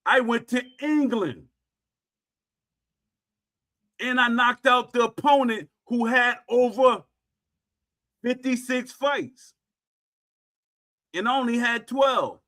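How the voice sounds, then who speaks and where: Emphatic high-voiced man ranting slowly. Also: sharp tone. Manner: emphatic, repetitive, punctuates claims with "Facts". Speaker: streamer host. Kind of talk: ranting monologue to viewers.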